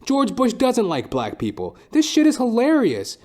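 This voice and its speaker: Profane, animated young podcast host. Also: male voice, very high voice, normal speed. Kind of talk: casual monologue.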